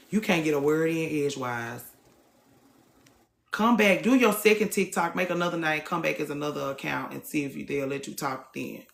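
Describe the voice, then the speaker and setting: A woman's voice: low-pitched, normal speed, creaky, echoey room. Blunt woman preaching on a live stream. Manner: blunt, preachy, swears freely. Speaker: TikTok live host. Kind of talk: casual live-stream talk to viewers.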